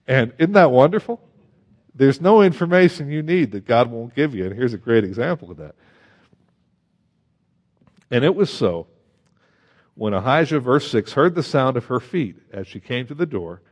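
A man preaching a sermon as pastor, animated and asking his listeners rhetorical questions while reading scripture aloud. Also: medium pitch, normal speed, long pauses, lo-fi sound. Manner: reads scripture aloud in old-fashioned wording. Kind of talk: sermon Bible teaching.

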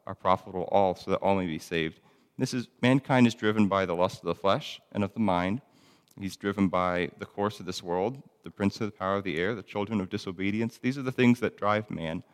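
Low-voiced man teaching scripture in a hall. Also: smooth. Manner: conversational, reads scripture aloud, frequent ums and restarts. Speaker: Bible teacher. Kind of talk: casual Bible teaching.

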